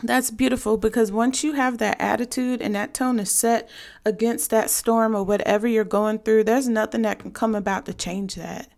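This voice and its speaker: A woman's voice: fairly high pitch, fairly even intonation, moderate pace, creaky, a little mellow. A woman hosting a faith podcast, giving earnest, conversational devotional advice directly to her listeners. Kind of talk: casual devotional podcast talk.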